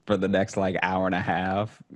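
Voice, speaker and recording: A man telling a comic story in casual chat, acting out the people in it and breaking into laughter. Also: normal speed. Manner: animated storytelling, acts out quotes with rising pitch and laughter.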